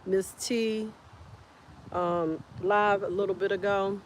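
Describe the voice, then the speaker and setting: A woman hosting a casual homestead live stream outdoors, chatting in an unhurried way and greeting viewers by name. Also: medium pitch, steady tone. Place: outdoors in a windy garden. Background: faint wind and outdoor ambience.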